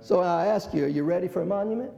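A man's voice: sits high, quick pace, creaky, dark tone, reverberant, highs cut off. A man preaching a sermon as pastor, repeating phrases and calling out amen and hallelujah. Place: church.

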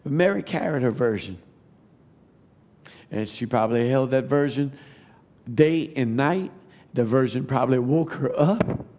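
A man, giving a testimony sermon that builds to fervent shouting. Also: mid-range voice, expressive, a little slow, pauses often. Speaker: preacher.

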